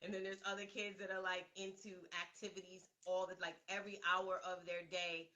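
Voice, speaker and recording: A woman's voice: on the low side, level tone, a little fast, bright, forceful tone, dull audio. A woman rapper from Baltimore chatting as an interview guest, laughing often and talking with lots of fillers. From Baltimore, USA. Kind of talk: casual conversation.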